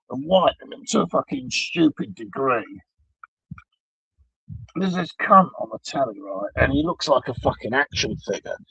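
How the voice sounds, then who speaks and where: A man's voice: a little high, gravelly, a bit bright, breathy edge, no echo, poor audio. A middle-aged man, ranting alone to camera in a blunt, sweary, sardonic way. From Britain. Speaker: vlogger. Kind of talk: profane solo rant.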